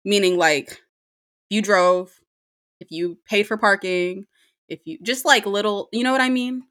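A young woman with a bright, forceful voice tells a story straight to the listener. She is animated and swears freely, and her laughter keeps breaking through the telling. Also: mid-range voice, measured pace. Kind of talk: casual storytime monologue.

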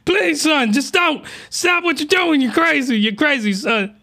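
A man voicing a panicked princess in a comic dub-over, pleading in a shrill, wailing falsetto. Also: a little slow, creaky, bright, forceful tone, exaggerated voice. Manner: shrill wailing, sobbing pleas, crude comic paraphrase.

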